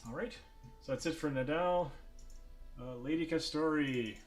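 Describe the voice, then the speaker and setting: A man's voice: on the high side, normal speed, faint music behind. A man running a tabletop game as game master, easygoing, laughing often as he explains the rules.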